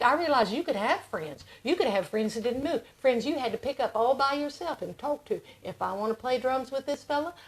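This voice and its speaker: Lady host w a bit of a southern accent, kinda high voice, rambly folksy chat from home. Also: slightly rough. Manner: folksy, chatty, wandering from topic to topic. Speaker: show host. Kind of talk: casual rambling monologue. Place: home during lockdown.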